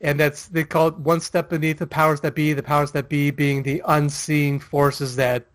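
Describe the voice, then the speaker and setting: A man's voice: on the high side, flat delivery, normal speed, no room sound. A man co-hosting a casual chat, rambling with lots of fillers and laughing often. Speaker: podcast co-host.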